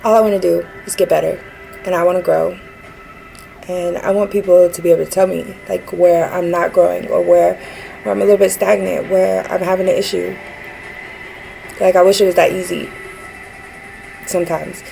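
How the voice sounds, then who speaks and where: A woman's voice: on the low side, little pitch movement, fairly quick, creaky, dark tone, faint music behind, poor audio. A woman vlogging a rambling personal rant, earnest and frustrated, with many fillers and restarts.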